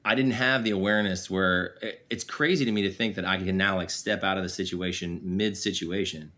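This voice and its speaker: A man's voice: low voice, steady tone, brisk, sharp tone. A man in his forties, a podcast guest talking candidly and self-deprecatingly about his parenting, laughing easily and using a lot of fillers. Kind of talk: casual candid conversation.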